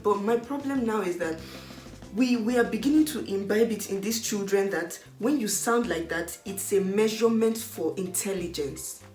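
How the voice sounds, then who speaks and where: A woman's voice: medium pitch, darkish tone. Nigerian woman, casual chat, agreeable, roomy echo, faint music. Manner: agreeable, finishes the other's sentences. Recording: echoey room.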